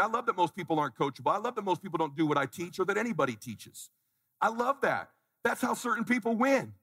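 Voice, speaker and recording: A man's voice: high voice, a bit bright, big-room sound. A man in his forties giving a live motivational talk, blunt and challenging, calling on the crowd to answer him. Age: 40s. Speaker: motivational speaker. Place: conference stage before an audience.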